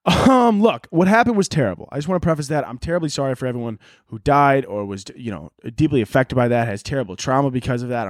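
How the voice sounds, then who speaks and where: A man's voice: mid-range voice, animated, quick pace, few pauses, dry recording, studio quality. A young man hosting a podcast, rambling sarcastically through a comedic monologue with frequent swearing. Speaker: podcast host.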